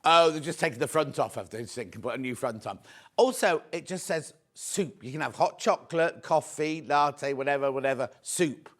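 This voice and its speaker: A man presenting on a shopping channel, chatting warmly with viewers and urging them again and again to check out. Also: mid-range voice, moderate pace. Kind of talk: live TV selling chat.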